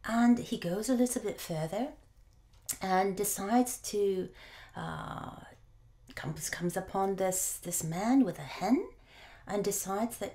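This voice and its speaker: A woman preacher telling a folk tale in a sermon, unhurried and often pausing with fillers. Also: mid-range voice, dark tone. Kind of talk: sermon storytelling.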